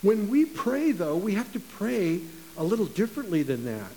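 A man's voice: high voice, very animated, normal speed, dark tone. A man preaching a sermon in a conversational, emphatic way, often repeating his phrases. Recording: long reverb with faint hiss.

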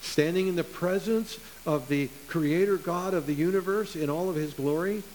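A man preaching a sermon, his voice sitting a little high for a man. He talks earnestly and leans on important words by slowing right down. A faint hiss runs under the recording. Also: a little mellow, low-quality recording. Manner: earnest, with slow emphatic stresses.

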